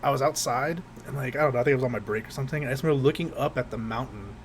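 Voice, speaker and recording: A man's voice: mid-range voice, racing. Young man, podcast co-host, rambling profane storyteller, laughs a lot, faint background noise. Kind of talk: casual chat, storytelling.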